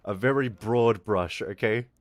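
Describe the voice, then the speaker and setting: A man's voice: lowish voice, dry recording. A young man chatting casually on a live stream, rambling and swearing, laughing often, in his put-on streamer voice. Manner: rambling, profane, quick to laugh.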